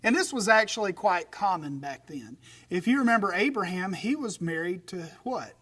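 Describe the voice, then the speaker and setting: A man's voice: sits high, animated, normal speed, a bit bright. A man preaching a conversational sermon, retelling a story with animation and folksy humorous asides. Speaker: pastor.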